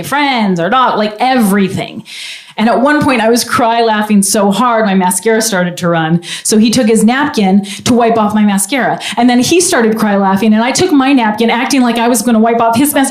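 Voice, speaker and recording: A woman telling a stand-up comedy story, animated and jumping in pitch. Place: comedy club stage. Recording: echoey club room, audience noise.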